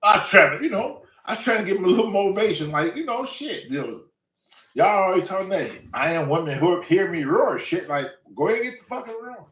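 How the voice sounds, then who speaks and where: Older man in his sixties, animated and profane storytelling, lively pitch, roomy off-mic sound. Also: brisk, distant mic. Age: 60s. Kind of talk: casual storytelling. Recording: roomy room, away from mic.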